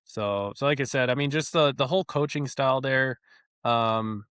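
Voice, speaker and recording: A young man telling stories as a podcast guest in a casual, animated, rambling way with many fillers. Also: medium pitch, normal speed, smooth, no echo, studio quality. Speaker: former baseball player guest.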